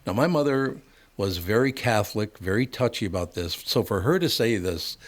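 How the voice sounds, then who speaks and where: An older man hosting a chatty radio show, voice sitting low and easy. he spins a long anecdote and keeps laughing at his own punchlines. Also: expressive, normal speed. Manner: storytelling, chuckles through his punchlines. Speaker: host. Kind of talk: casual radio talk show chat.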